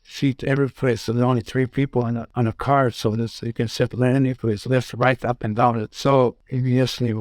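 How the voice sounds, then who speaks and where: A man's voice: medium pitch, level tone, moderate pace, hardly any pauses, darkish tone, dry recording. Man rambling through a personal story. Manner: rambling, quotes others in dialogue; non-native English phrasing.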